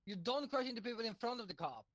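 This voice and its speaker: A man's voice: extremely high pitch, lively intonation, quick pace, a bit bright. A young man chatting casually while gaming, hesitant and often stumbling over his words. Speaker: podcast co-host.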